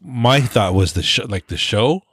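A man hosting a casual interview, relaxed, with short casual responses. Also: mid-range voice, a little slow, breathy edge, no room sound, clean studio sound. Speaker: podcast host.

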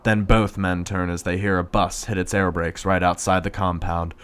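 A man's voice: low-pitched, little pitch movement, moderate pace, a bit bright, clear, resonant tone. A man narrating a crude comedic story in a blunt, profane, matter-of-fact way.

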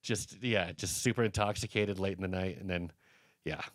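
A man's voice: low-pitched, normal speed, no echo. A man from the US East Coast telling rambling, profanity-laced stories in casual podcast chat, full of fillers. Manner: rambling anecdotes, heavy swearing, many fillers.

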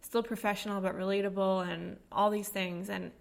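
A woman's voice: mid-range voice, level tone, moderate pace, creaky. A woman co-hosting a casual podcast, chatting loosely with lots of fillers and a morning voice. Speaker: podcast co-host. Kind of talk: casual chat. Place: home studio at a kitchen table.

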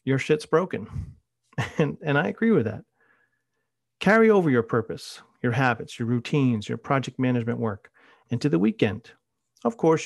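A man's voice: mid-range voice, gravelly, no echo, clean studio sound. A middle-aged man hosting a podcast, talking casually and telling anecdotes. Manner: conversational, anecdotal storytelling. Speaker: podcast host.

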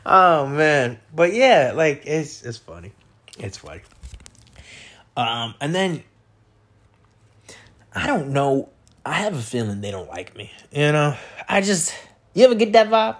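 A man's voice: a little high, sing-song, takes it slowly, long pauses, a bit bright. A man hosting a podcast, telling rambling, profane stories about his neighbors in a casual, meandering way with lots of fillers and restarts. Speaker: podcast host.

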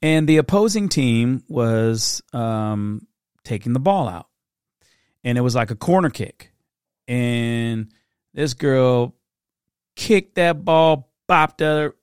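A middle-aged man telling animated parenting stories in a casual monologue, breaking into quick impressions. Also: medium pitch, smooth, no echo, studio quality. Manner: animated storytelling with impressions and laughs. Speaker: parent giving advice.

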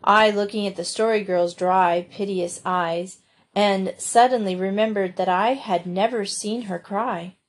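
A woman reading a classic novel aloud as narrator, in a measured, unhurried way. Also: medium pitch, fairly even intonation. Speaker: audiobook narrator. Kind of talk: storybook narration.

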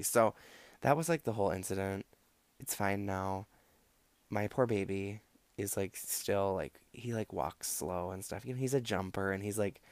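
A man's voice: lowish voice, creaky, dry recording. A young man hosting a podcast, telling a long casual story in a rambling, profane way full of fillers. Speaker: podcast host.

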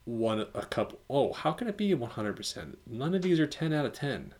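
A man's voice: medium pitch, big pitch swings, a little fast, darkish tone. A man co-hosting a casual podcast, easygoing and loose, often saying dude. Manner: easygoing, says dude a lot, reads reviews aloud. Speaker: podcast co-host. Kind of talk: casual chat.

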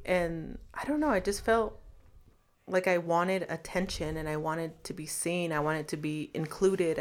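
A woman frankly telling her own life story in a casual interview, with many fillers. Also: lowish voice. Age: adult. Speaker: guest. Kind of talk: candid personal storytelling.

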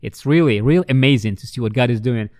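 A man telling ministry stories in an interview, with lively storytelling that acts out the voices of the people he met. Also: brisk, no echo, studio quality. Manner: animated, acts out quoted voices with big pitch jumps. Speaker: ministry worker.

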